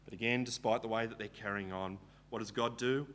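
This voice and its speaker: A man's voice: fairly low pitch, steady tone, fairly quick, fairly bright tone, slight background noise. A man preaching a Bible teaching sermon, retelling the story casually and asking rhetorical questions.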